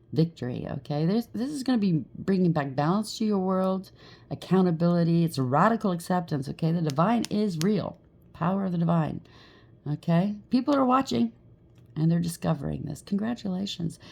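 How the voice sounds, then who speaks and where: A woman talks through a tarot spread in an easy, chatty way, often stopping to ask "okay?" or "right?". Her voice sits low with a gravelly fry. The tone is dark and mellow. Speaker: tarot reader. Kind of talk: casual tarot card reading.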